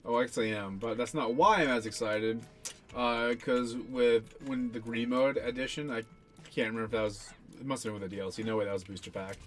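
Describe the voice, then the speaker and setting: A man's voice: mid-range voice, steady tone, brisk. A young man casually talking through his own gameplay, rambling and self-deprecating, swearing now and then. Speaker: gaming channel host.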